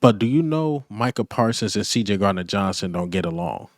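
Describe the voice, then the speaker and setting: A man's voice: lowish voice, expressive, brisk, dry recording, clean studio sound. A man hosting a fan channel, giving blunt, repetitive opinion commentary that builds to emphatic points.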